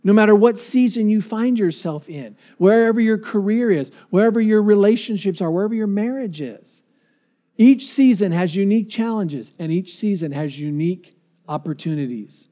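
A man's voice: sits high, animated, normal speed, warm tone. A male pastor preaching a sermon in a conversational, storytelling way, asking the congregation questions.

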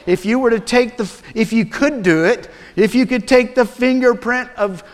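A man preaching a sermon as a pastor, deliberate and measured, sometimes dropping to a hush. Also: very high voice, smooth. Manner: slow, deliberate preaching with dramatic drops to a hush. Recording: long reverb of a large hall.

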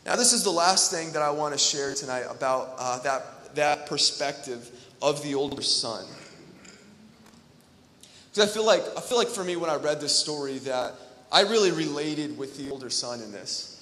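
A young man delivers a sermon in a high, bright voice that rings through a large, echoey hall. He talks in a loose, conversational way, doubling back on his phrases, then leans hard into emphatic lines. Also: lively intonation, normal speed. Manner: conversational, repeats phrases, builds to emphatic peaks. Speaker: preacher. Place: large hall with long reverb.

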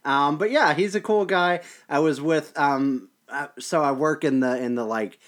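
A man's voice: on the high side, measured pace, a bit bright. A man co-hosting a podcast, telling a story in a wry, self-deprecating way. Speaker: podcast co-host. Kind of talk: casual podcast chat.

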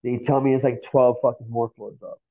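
A man's voice: mid-range voice, flat delivery, brisk. Profane, slangy man telling a story over tinny audio. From Miami, Florida. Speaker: podcast guest, graffiti artist. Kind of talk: casual storytelling.

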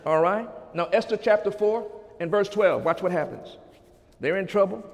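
A male preacher delivering a fervent sermon and reading scripture aloud. He repeats his phrases and swings between loud and hushed delivery. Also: high voice, moderate pace. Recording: long hall reverb.

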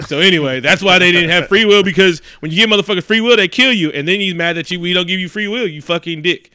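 Man co-host, bright crisp voice, dry close mic, swears freely in a loose movie recap. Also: high voice, fast, no room sound. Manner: animated, swears heavily, acts out scenes. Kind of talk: casual profane movie recap.

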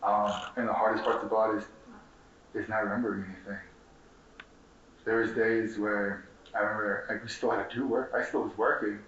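A man's voice: on the low side, level tone, normal speed, pauses often, fairly bright tone, slight background noise. A young man of Mexican heritage from Chicago, giving a passionate, profane speech as a community organizer at a conference, repeating himself and asking the audience questions. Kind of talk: impassioned activist speech. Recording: distant, roomy, dull room recording.

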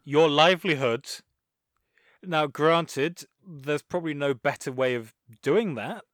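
A man, co-hosting a casual podcast and talking through a film with animated, mocking asides. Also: fairly high pitch, takes it slowly, no echo, clean studio sound. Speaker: podcast co-host.

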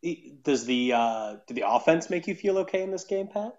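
A man's voice: on the high side, animated, brisk, a little mellow. A man co-hosting a casual sports chat, dry, steering the talk back on track. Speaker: podcast co-host. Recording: dull lo-fi audio.

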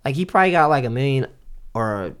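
A man's voice: mid-range voice, expressive, quick pace, fairly bright tone, clear, resonant tone. A man co-hosting a podcast, talking casually in a loose, slangy and profane way, rambling with restarts. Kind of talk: casual chat.

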